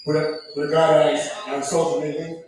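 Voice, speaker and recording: A man's voice: a little high, little pitch movement, brisk, crowd noise. A man hosting an open mic, calling up comics from a list in a loose, joking way with swearing. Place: bar stage at an open mic. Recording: echoey room, taped from far off.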